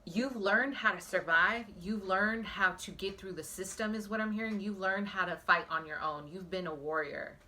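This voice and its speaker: A woman's voice: mid-range voice, normal speed, few pauses, bright, forceful tone. A woman giving a pick-a-card psychic reading on her phone, talking earnestly and emotionally straight to her viewers. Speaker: psychic tarot reader.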